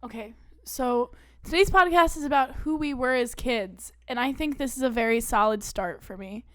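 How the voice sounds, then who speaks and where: A woman's voice: on the high side, normal speed, a bit bright. Giggly young woman, jokey podcast chat. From Pennsylvania, USA. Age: 20s. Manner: joking and giggly, lots of "like" and "um". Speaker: podcast co-host. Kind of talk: casual chat.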